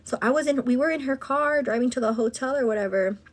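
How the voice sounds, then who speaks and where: A woman with a slightly high voice, chatting away as she tells a story in a casual get-ready-with-me vlog. She rambles, fills her talk with "like" and "girl", and now and then slips into Spanish. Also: quick pace. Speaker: vlogger and host.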